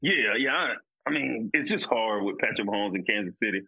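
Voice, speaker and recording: A man's voice: lowish voice, lively intonation, fairly quick, vocal fry, dull audio. A man co-hosting a casual sports podcast, talking emphatically and repeating his points. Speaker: podcast co-host, former football player.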